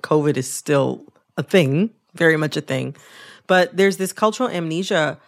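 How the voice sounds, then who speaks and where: A woman hosting a radio interview, speaking in a reflective, conversational way that thinks aloud with pauses. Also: low-pitched, expressive. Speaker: radio show host.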